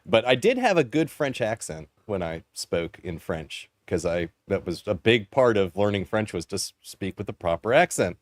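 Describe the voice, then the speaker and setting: A man from Canada, his voice sitting low, talks through a long anecdote in a loose, rambling way. He laughs often between lines. The sound is dry and close. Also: very animated, moderate pace, few pauses, no room sound. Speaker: podcast co-host. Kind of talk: casual chat.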